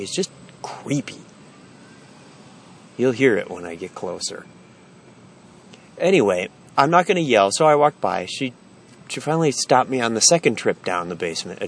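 A man's voice: lowish voice, creaky, slight background noise. Exasperated man telling a wry story. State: stressed and tired. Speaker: vlogger. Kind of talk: casual storytelling vlog. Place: indoor storage warehouse. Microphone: phone held while walking.

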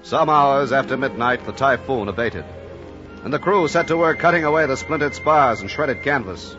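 A man narrating a sea story in a measured, literary style, as a radio drama narrator. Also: mid-range voice, animated. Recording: dull lo-fi radio recording. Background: music.

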